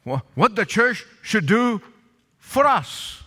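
In a church sanctuary with a balcony, a male pastor preaches a sermon in a high, sing-song voice that is slow, pushed, and bright, echoing through the large hall. He calls for responses from the congregation and repeats lines for emphasis.

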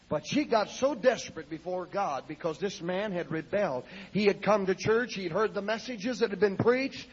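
High-voiced fervent preacher in a hall. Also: male voice, lively intonation, normal speed, husky. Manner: dramatic, fervent storytelling. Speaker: evangelist preacher. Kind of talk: sermon storytelling. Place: church. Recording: lo-fi 1970s sermon tape in an echoey hall.

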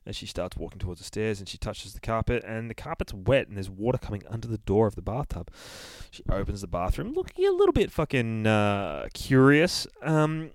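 A man's voice: lowish voice, a little fast, few pauses, a little mellow, dry recording. A man casually retelling a horror comic as a reviewer, in a loose, sweary, rambling way full of fillers.

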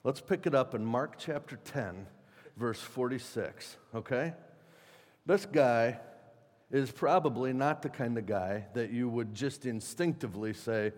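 A man preaching a sermon in a conversational, animated way, acting out quotes with sudden loud and soft turns. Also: medium pitch, unhurried, long reverb tail. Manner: conversational, animated, acts out quotes with shifts in loudness. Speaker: pastor.

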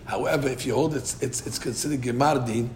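A man's voice: mid-range voice, brisk, darkish tone, slight background noise. A man teaching a Talmud study class, explaining in English with chanted Aramaic quotes and frequent restarts.

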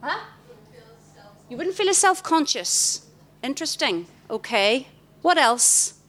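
A middle-aged woman, giving an animated talk to young people in a festival tent and questioning the crowd directly. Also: sits high, slow. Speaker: youth event speaker. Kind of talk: interactive talk to a young audience. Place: large festival tent, live audience.

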